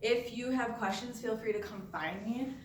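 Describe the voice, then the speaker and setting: A woman's voice: fairly high pitch, normal speed, slight background noise. A woman demonstrating resistance band exercises for coworkers in a casual, chatty way, often checking in with "okay?" and getting a little out of breath. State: slightly out of breath. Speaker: workplace fitness instructor. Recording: echoey room, voice from far off.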